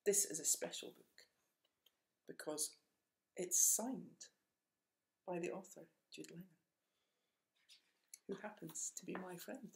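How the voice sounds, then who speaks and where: A storyteller reading a children's picture book aloud in a gentle, expressive way. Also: mid-range voice, takes it slowly, creaky, long pauses, reverberant.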